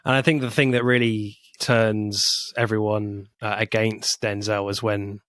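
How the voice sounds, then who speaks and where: A man co-hosting a podcast, chatting casually about a film, laughing often and jumping up in pitch to quote lines. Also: level tone, a little slow, fairly bright tone, dry recording, studio quality. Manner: laughs often, jumps high when quoting lines. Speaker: podcast co-host.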